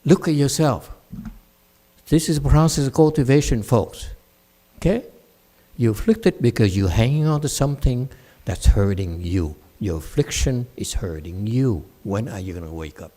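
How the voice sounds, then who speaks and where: A man's voice: mid-range voice, animated, moderate pace, dark tone. A man, a Buddhist monk, giving a dharma talk to his class in a blunt, scolding and mocking way. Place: meditation center.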